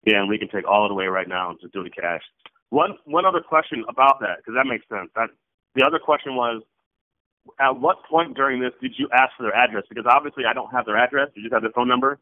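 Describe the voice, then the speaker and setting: A man's voice: medium pitch, fast, dry recording. A man asking a coach questions over a call, hesitant and fumbling, often answering with short agreements. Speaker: student investor. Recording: dry, tinny phone line.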